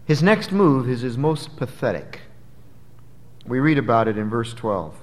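A man preaching an expository sermon, emphatic, swinging from loud dramatic peaks to low, quiet drops. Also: very animated, measured pace. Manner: emphatic, dramatic rises and drops in pitch and volume. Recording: long hall reverb.

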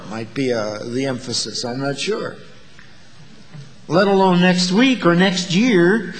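A man preaching a sermon, asking the listeners rhetorical questions and moving between loud, emphatic lines and quiet asides. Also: medium pitch, expressive, normal speed, big-room sound.

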